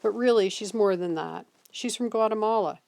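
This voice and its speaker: A woman's voice: mid-range voice, moderate pace, gravelly, noisy background, close to an everyday voice. A woman voicing a polite, awkward teenage boy who speaks in an earnest, apologetic way.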